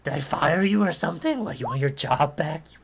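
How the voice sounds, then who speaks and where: A man doing a shrill, cursing halfling boss. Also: animated, a little fast, vocal fry, background noise. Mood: panicked. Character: panicked male halfling factory boss.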